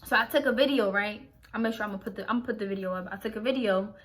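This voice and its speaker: A woman's voice: medium pitch, rapid-fire. A young woman from Philadelphia telling a casual story to her vlog audience. She talks in loose, slangy, profane speech, full of "like", and often restarts her sentences. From Philadelphia, USA. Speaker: vlogger.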